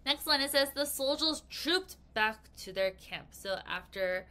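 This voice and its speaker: A woman teaching a vocabulary lesson with a bright, clear voice that swings widely in pitch. She is playful and expressive, acting out the example sentences. She reads each one slowly and deliberately. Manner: slow, careful reading of example sentences.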